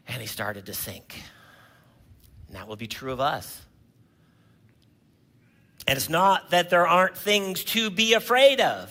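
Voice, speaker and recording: A male pastor preaching a sermon, swinging between loud cries and hushed lines and asking the congregation questions. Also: on the high side.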